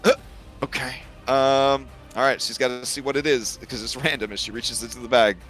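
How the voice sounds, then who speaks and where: A man's voice: mid-range voice, fairly even intonation, brisk, fairly bright tone, soft background music. Young man running a tabletop game. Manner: hesitant, filler-heavy, chuckling. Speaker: game master.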